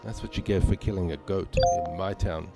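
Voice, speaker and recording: A man's voice: low-pitched, steady tone, brisk, creaky, loud music behind the voice. A man from Malta chatting casually with viewers while playing a game on a live stream, rambling with many fillers. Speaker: gaming streamer.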